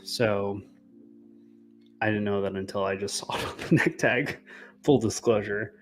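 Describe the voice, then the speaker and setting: A man's voice: on the low side, measured pace, soft background music. Casual man with a strained voice. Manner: relaxed, tipsy banter, explains flavors. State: losing his voice. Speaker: whiskey tasting co-host. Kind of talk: casual chat.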